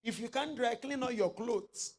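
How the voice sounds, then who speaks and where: A middle-aged man preaching a sermon as pastor, leading the congregation in call-and-response and rising to shouted exclamations. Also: very high-pitched, moderate pace.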